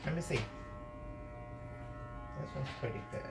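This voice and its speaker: A woman with a low voice talks casually while grooming her dog. She coaxes and fusses at her pet and explains each step. The room is echoey, with music and a buzzing clipper behind. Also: expressive, a little slow. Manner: chatty, coaxing and fussing at her dog. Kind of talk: casual grooming commentary and instructions.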